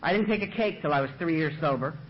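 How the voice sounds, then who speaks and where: At a recovery meeting, a fast-talking man with a fairly high voice stands at the front and tells his story with humor. He's loose and animated, full of "you know" and "man," and laughs at himself. The podium-mic recording sounds dull and lo-fi, with slight hiss or hum.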